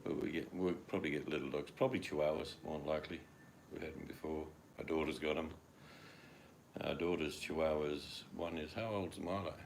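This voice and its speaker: A man's voice: rumbling low, fairly even intonation, brisk, gravelly, slight background noise. An older man with an Australian accent chatting casually at home, rambling and acting out his dogs in quoted voices. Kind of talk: casual chat.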